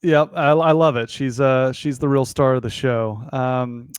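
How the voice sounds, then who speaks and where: A man, hosting a casual sports podcast over a remote call in a relaxed, conversational way. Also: medium pitch, unhurried, clean tone, dry recording. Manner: conversational, relaxed with occasional fillers. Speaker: podcast host.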